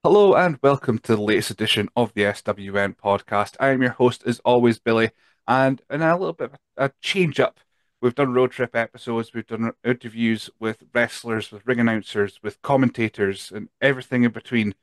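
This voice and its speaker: A man's voice: medium pitch, fairly quick, no room sound. A Scottish man hosting a podcast interview in a chatty, joking way. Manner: chatty, jokey, loose with restarts. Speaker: podcast host. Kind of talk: casual interview chat.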